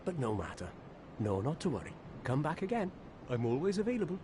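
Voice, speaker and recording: A man's voice: fairly high pitch, very animated, brisk, background noise. An actor playing a genial, sly male traveling merchant in a game, speaking with a Welsh accent and a wry, chuckling manner. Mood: wry, friendly. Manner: cheerfully wry, chuckles after remarks.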